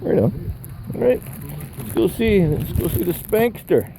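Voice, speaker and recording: A man's voice: sits high, big pitch swings, gravelly, noisy background. A man chatting casually outdoors while feeding animals and filming, swearing a lot and tagging lines with "eh?". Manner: swears a lot, drawn-out "eh?" tags. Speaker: vlogger. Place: outdoors on a rural property. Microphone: handheld camera.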